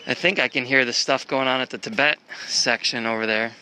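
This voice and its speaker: A man talks through a casual travel vlog while strolling an outdoor park, his voice bright and forward. He rambles and thinks aloud, dropping the odd curse, with a faint outdoor hum in the background. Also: medium pitch, fairly even intonation, fairly quick. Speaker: traveler filming a walk.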